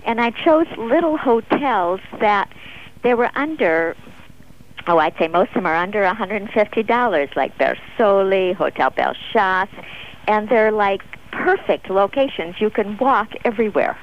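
A woman's voice: mid-range voice, expressive, moderate pace, slight background noise. An enthusiastic American woman, a travel author, chatting as a guest on a radio interview and often laughing. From United States. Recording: dull, muffled radio audio.

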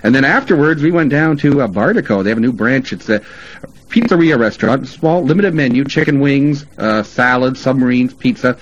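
A man's voice: medium pitch, lively intonation, a little fast. A male radio host chatting in an upbeat, promotional way about places to stay and eat, with frequent "uh" fillers. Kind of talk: promotional travel and dining chat. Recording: dull lo-fi radio audio with faint noise.

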